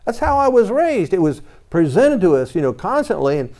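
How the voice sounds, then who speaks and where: A man's voice: high-pitched, very animated, a little fast, a little mellow. A man preaching a conversational sermon, telling his own story and reading scripture aloud in old-fashioned wording. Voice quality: reads scripture in King James wording.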